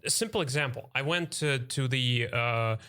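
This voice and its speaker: A man's voice: medium pitch, moderate pace, bright, forceful tone, clean tone. Man, hesitant podcast host. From Russia. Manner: hesitant, many fillers, chatty. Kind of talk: casual chat.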